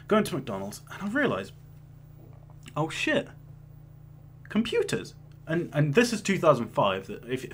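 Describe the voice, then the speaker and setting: A young man telling a story in a casual, rambling way, swearing often and restarting his sentences. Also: medium pitch. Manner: rambling, profane, with many restarts. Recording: faint hum behind.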